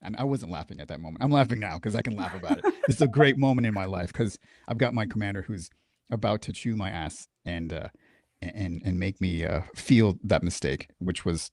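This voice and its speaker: A man's voice: low-pitched, brisk, no echo, studio quality. A man who is a military veteran, telling a story in a casual interview, swearing freely and acting out the dialogue. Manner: profane, animated, acts out quoted dialogue.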